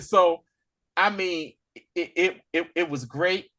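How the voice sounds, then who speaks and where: A man's voice: sits high, takes it slowly. A man co-hosting a casual movie review podcast, laughing often and acting out lines from scenes. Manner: animated, laughs often, acts out quotes from scenes. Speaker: podcast co-host.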